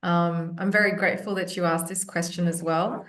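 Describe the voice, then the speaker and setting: A woman's voice: on the low side, fairly even intonation, moderate pace, fairly bright tone. A woman hosting a webinar over a video call, thanking the speakers and hesitating with many fillers. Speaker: webinar host. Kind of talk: moderating a webinar.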